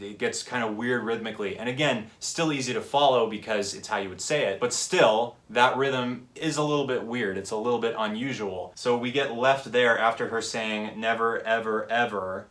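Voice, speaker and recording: Low-voiced enthusiastic song-breakdown host. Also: male voice, a bit bright. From California. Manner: enthusiastic, vocalizes rhythms with "da da" and frequent "right?". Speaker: music analysis video host.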